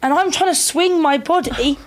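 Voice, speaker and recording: A young woman co-hosting a podcast, telling stories in an animated, fast casual chat. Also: high voice. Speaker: podcast co-host.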